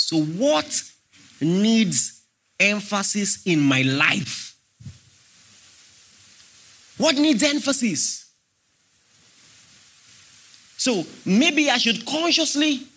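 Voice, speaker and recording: A man's voice: sits high, sharp tone, slightly rough. A man preaching a sermon, emphatic and questioning his congregation as he teaches. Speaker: pastor.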